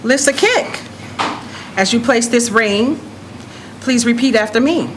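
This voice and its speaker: A woman's voice: a little high, unhurried, background noise. A woman officiating a wedding ceremony as officiant and maid of honor, playful and laughing between lines. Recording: loud music in the background.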